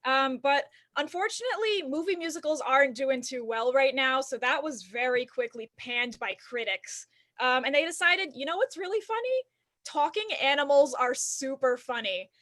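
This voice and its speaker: A woman's voice: high-pitched, animated, normal speed, a bit bright. A woman hosting an online improv show, setting up scenes in a playful mock-earnest way. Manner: mock-earnest, chatty with fillers.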